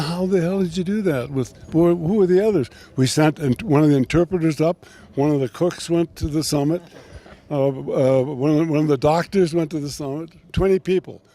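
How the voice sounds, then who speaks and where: An older man telling a long story as an interview guest, rambling and animated, restarting his sentences often. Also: on the high side.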